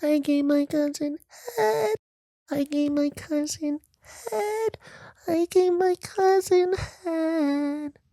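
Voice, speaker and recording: A man doing a shrill impression of a famous male rapper, drawn out and singsong. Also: takes it slowly, vocal fry, dark tone, no room sound, full character voice. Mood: mocking.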